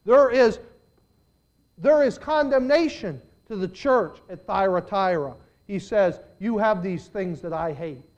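An older man preaching a sermon as a pastor, swinging between hushed, intimate lines and loud, emphatic declarations. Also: high voice, lively intonation, takes it slowly, lo-fi sound.

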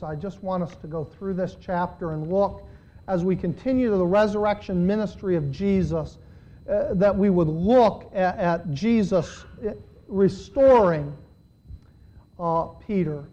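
In a muffled recording, a high-voiced man delivers a sermon, reading aloud from the Bible and breaking off to add commentary. His delivery grows animated, the pitch climbing for emphasis as he reads the scripture.

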